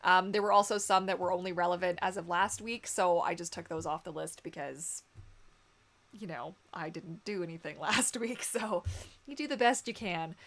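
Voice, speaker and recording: A woman's voice: fairly low pitch, moderate pace, fairly bright tone. A young woman hosting a casual live stream, chatty and giggly, with lots of "like" and "um" fillers. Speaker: livestream host.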